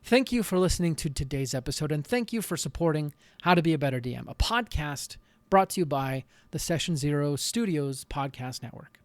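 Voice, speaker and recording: A man hosting a podcast, giving earnest, animated advice in a solo talk with frequent restarts. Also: a little high, a little fast, no echo. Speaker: podcast host.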